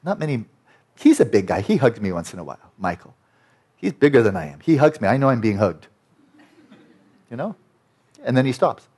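A man teaching breath meditation to a group in a gentle, conversational way, often repeating words softly. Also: medium pitch, sing-song, fairly quick, pauses often, husky. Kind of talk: guided meditation instruction.

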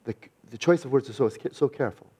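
A man teaching Buddhist meditation in a dharma talk, lively and wry, with a sarcastic edge and frequent restarts. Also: mid-range voice, quick pace, husky.

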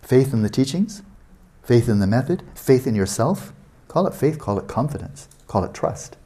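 A man's voice: mid-range voice, big pitch swings, normal speed, warm tone. A man teaching meditation in a blunt, sarcastic, conversational way, mocking the excuses students make. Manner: blunt and sarcastic, mimics students' doubting thoughts. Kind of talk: dharma teaching talk.

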